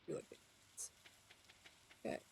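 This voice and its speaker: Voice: normal speed, background noise. A game streamer giving live commentary, muttering to themself while playing and now and then talking to chat.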